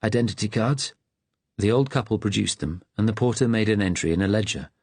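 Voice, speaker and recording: A man reading an audiobook in steady, measured scripted narration. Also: on the low side, no room sound.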